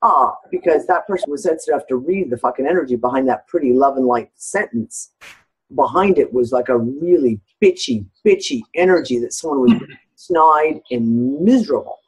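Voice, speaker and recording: A woman's voice: a bass voice, lively intonation, normal speed, husky, low-quality recording. A woman talking candidly in a casual online group discussion, swearing freely and acting out what others said. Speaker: discussion participant.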